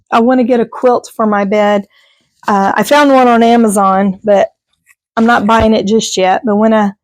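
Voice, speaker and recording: A woman's voice: medium pitch, darkish tone, no room sound. A middle-aged woman, chatting casually to her viewers as a vlogger, rambling and laughing often. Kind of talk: casual chat.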